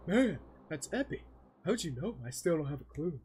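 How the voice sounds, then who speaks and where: Excitable young man streaming a game. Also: on the high side, normal speed, noisy background. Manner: excitable, rambling asides. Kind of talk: casual game commentary.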